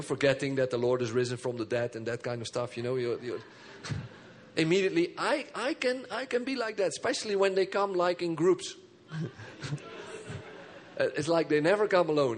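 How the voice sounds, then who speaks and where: Man preaching, animated, laughs often, repeats words, slightly high voice. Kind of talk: sermon.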